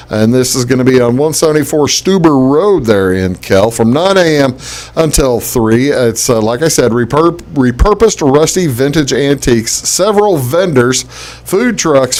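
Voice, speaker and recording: A man's voice: mid-range voice, darkish tone. Chatty rambling male talk show host. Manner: chatty, rambling with many fillers and restarts. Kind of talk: casual local talk show.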